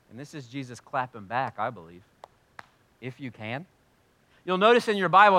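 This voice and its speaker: Animated preaching man, bright voice. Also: a little high, no room sound. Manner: animated preaching, swinging from loud emphasis to quiet. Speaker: pastor. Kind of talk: sermon.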